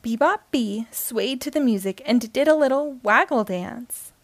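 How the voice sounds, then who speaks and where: A woman hosting and reading a children's book aloud in a slow, expressive way. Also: fairly high pitch, dry recording. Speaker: host and reader.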